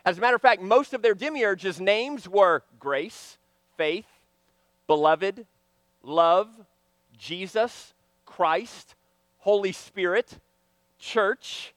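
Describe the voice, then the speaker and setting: A man preaching a sermon, swinging from loud emphatic lines to hushed, quiet ones. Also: high voice, animated, takes it slowly, long pauses, no room sound.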